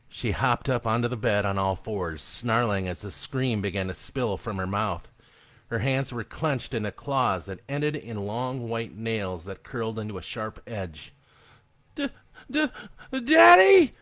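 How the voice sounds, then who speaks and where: A man giving a live reading of his own horror story in an expressive, dramatic storytelling manner. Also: lowish voice, dry recording.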